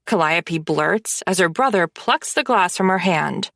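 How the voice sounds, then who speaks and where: A woman narrating a first-person romance audiobook in an expressive, wry manner on a close microphone. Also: on the low side, a little slow, few pauses, no room sound.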